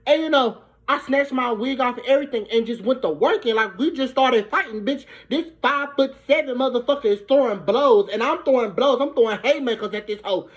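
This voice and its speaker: A young woman from Brooklyn, telling a profane, animated storytime. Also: on the high side, fairly quick, hardly any pauses. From Brooklyn, New York. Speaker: vlogger. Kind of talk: storytime vlog. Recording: dull lo-fi recording.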